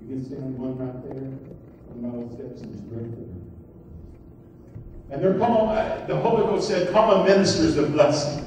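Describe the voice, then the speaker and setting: A man preaching a sermon as pastor, swinging from loud, high exclamations to soft murmurs. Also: moderate pace, slight background noise. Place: church sanctuary. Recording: echoey church hall from far off.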